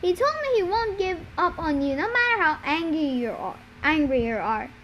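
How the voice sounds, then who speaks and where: A woman's voice: high-pitched, expressive, moderate pace, dull audio, slight background noise. A woman reading the lines of a defiant, earnest teenage boy hero in an urgent voice. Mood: pleading.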